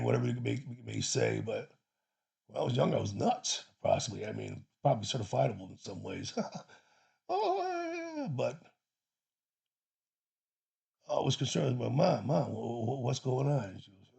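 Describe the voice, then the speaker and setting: A man's voice: mid-range voice, vocal fry, a little mellow, breathy edge. A man from Chicago casually telling a personal story, rambling and profane with many restarts. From Chicago, USA.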